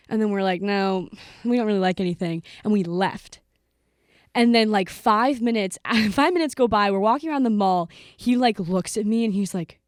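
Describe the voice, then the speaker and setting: A young woman co-hosting a podcast in casual chat, telling stories with lively acted-out quotes. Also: mid-range voice, dry recording, studio quality. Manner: animated storyteller, acts out quotes. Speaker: podcast co-host.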